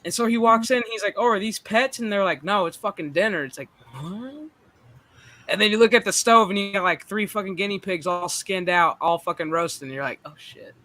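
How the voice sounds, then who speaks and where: A man hosting a casual stream chat, telling animated, profane stories. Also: high-pitched, brisk. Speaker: streamer host.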